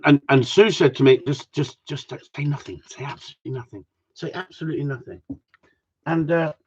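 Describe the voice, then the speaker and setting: A man's voice: mid-range voice, slightly rough. A man hosting a live stream, chatting in a cheeky, sweary, rambling way that jumps between topics. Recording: dull lo-fi stream audio.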